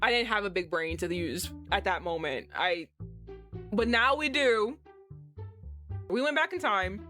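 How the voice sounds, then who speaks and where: A woman streaming herself playing a game, reacting with loud, swearing outbursts and laughter. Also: mid-range voice, animated, unhurried, long pauses, faint music behind. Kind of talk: livestream game commentary.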